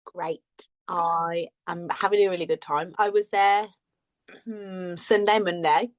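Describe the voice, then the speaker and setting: A woman's voice: on the low side, fairly even intonation, measured pace. A woman co-hosting a podcast in casual chat, rambling and laughing often. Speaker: podcast co-host.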